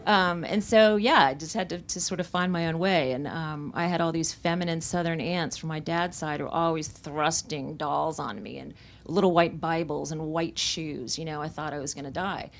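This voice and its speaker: Low-voiced woman telling candid memories. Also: steady tone, moderate pace, gravelly, few pauses. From Central Florida. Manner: candid, reflective storytelling. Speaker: author discussing her memoir. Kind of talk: conversational book talk. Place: bookstore event.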